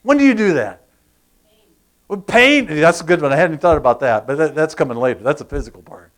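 A man preaching a sermon, animated, asking the congregation questions and acting out sounds. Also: on the high side, quick pace. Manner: animated, acts out groans and crowd sounds, asks the congregation questions. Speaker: pastor.

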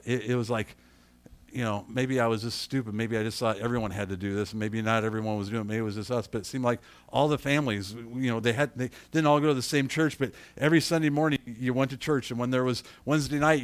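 A middle-aged man preaching a sermon, animated, acting out quotes and asking his congregation questions. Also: medium pitch, dry recording. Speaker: pastor.

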